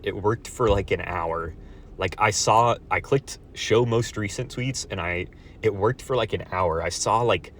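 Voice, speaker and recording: A young man delivering a profane, angry ranting monologue to his viewers, with sarcastic loud outbursts and muttered asides. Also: deep voice, slight background noise.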